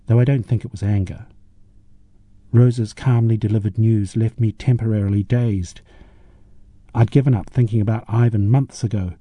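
A man narrating a story in a measured, reflective way. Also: fairly low pitch, mellow, slightly rough, no room sound. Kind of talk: audiobook narration.

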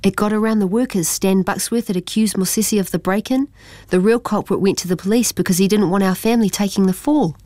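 A woman's voice: medium pitch, a little fast, warm tone, no echo, close to an everyday voice. A sly teenage brother with a secretive, confiding air, put on by a woman reading aloud. Close, dry sound.

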